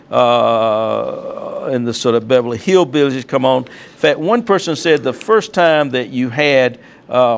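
Male lecturer, fairly high-pitched, mixes read passages with offhand remarks. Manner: reads from notes, adds asides with fillers. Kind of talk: classroom lecture with slides.

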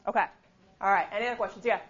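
A woman's voice: mid-range voice, very fast, a bit bright. A woman giving a conversational history lecture in a classroom, often checking in with the students. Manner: conversational, keeps checking in with "okay?". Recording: slightly dull lo-fi recording.

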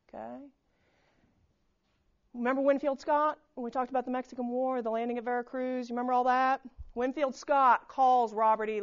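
Woman lecturing a class. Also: on the high side. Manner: conversational, keeps checking in with "okay?". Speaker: history lecturer. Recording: slightly dull lo-fi recording.

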